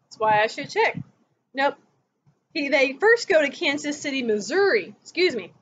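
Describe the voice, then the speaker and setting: A woman's voice: sits high, sing-song, moderate pace, fairly bright tone. A woman history teacher giving a casual recorded lecture at home, telling the story in a chatty way and acting out quotes. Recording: dull lo-fi recording.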